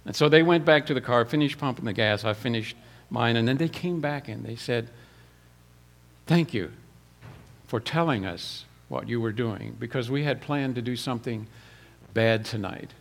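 A male preacher tells personal stories in a plain, homespun way. He often repeats words and clears his throat before going on. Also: medium pitch, moderate pace.

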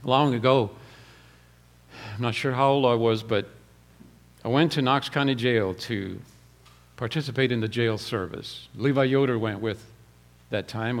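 Speaking at medium pitch with a slightly bright quality, a male preacher shares personal stories in a plain, homespun manner. He repeats words often and clears his throat before continuing.

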